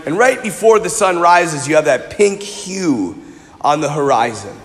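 High-voiced man preaching in echoey hall. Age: 40s. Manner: animated, conversational storytelling. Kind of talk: sermon.

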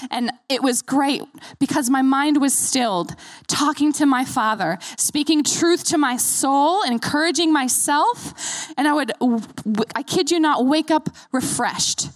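A woman pastor in her thirties preaches with a bright, high voice. She speaks earnestly and encouragingly to her congregation. The sound is close and dry, with almost no room echo. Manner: earnest, encouraging, leads the congregation in repeating lines. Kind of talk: sermon.

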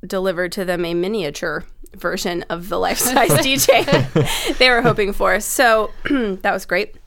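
A woman's voice: mid-range voice, normal speed. A young adult woman on the staff of a trade show, telling a casual, self-mocking anecdote and acting out the people in it. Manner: animated, self-mocking storyteller who acts out quoted lines.

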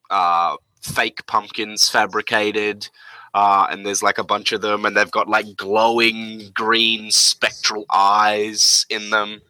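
Guy narrating a tabletop game, slow and halting, bright sound, dry room. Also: on the low side, smooth, no room sound, rough recording. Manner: hesitant, many fillers. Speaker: game master.

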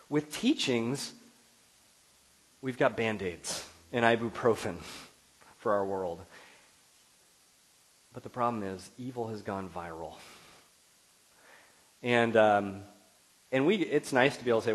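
A middle-aged man preaching a sermon, his voice sitting at an ordinary middle pitch. He speaks expressively, climbing to emphatic, lifted peaks on the key points. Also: expressive, a little slow, pauses often, breathy edge, rough recording. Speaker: pastor.

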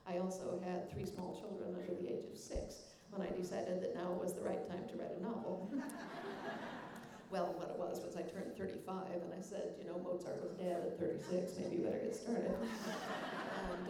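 A woman's voice: on the low side, steady tone, moderate pace. An older woman author answering audience questions, rambling and chuckling with lots of fillers. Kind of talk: relaxed Q&A answers. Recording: echoey hall mic with faint noise.

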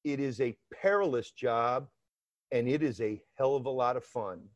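A middle-aged man from Georgia with a New York accent, a former federal agent telling stories in an interview with emphatic, animated delivery. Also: a little high, no echo. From Atlanta area, Georgia. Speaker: former FBI undercover agent, guest. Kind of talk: interview conversation. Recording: dull lo-fi dry sound.

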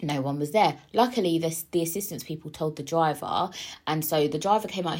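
A woman talks straight to her viewers, rambling through a story with lots of asides and fillers. Her voice is a little husky and sits on the low side. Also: expressive, fairly quick, darkish tone. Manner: chatty, rambling, full of asides and filler words. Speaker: vlogger.

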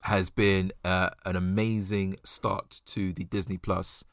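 A man's voice: low voice, level tone, slow pace, gravelly, dry recording, studio quality. A man co-hosting a podcast in casual chat, rambling with fillers and restarts. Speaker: podcast co-host.

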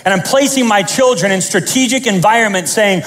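A man preaching a sermon as pastor, animated and joking, acting out the scenes he tells. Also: high-pitched, fairly quick.

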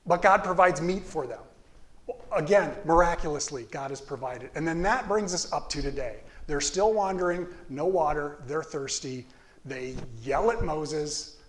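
Brief: male pastor, relaxed and jokey storyteller, slightly higher voice than most men. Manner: casual, joking storytelling. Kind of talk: sermon.

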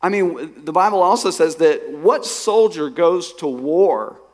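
A man's voice: fairly high pitch, expressive, unhurried. Storytelling male pastor in a reverberant hall. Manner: storytelling, rising to emphatic bursts. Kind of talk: sermon.

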